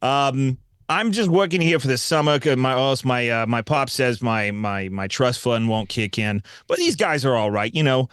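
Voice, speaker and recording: A man playing a smug, entitled young heir in a lazy drawl, lower than his own voice. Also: expressive, moderate pace, fairly bright tone, clear, resonant tone, no echo, clean studio sound, lightly acted.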